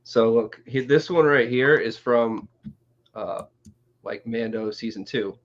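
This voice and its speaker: A man co-hosting a casual live-streamed chat, relaxed and laid-back. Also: medium pitch, takes it slowly, highs cut off. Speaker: podcast co-host.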